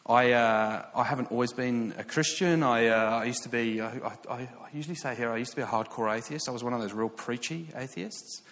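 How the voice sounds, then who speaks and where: A man's voice: mid-range voice, fairly quick, hardly any pauses, fairly bright tone, long reverb tail. A man in his thirties with an English accent, preaching a sermon as a story, chatty and self-mocking with many fillers and restarts. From England.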